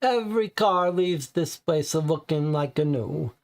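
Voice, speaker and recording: A man voicing a short, stocky garage owner with a strong Italian accent, evasive and gruff. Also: on the high side, animated, a little slow.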